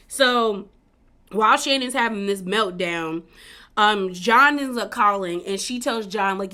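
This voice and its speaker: Woman, casual recap commentator, chatty, fillers, acted-out quotes, bright voice. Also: mid-range voice, measured pace.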